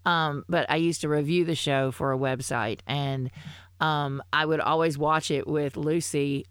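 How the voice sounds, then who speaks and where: Brief: woman podcast co-host, fairly low voice, dry close sound, rambling and halting, swears freely. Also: steady tone, clean tone, no room sound. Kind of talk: casual chat.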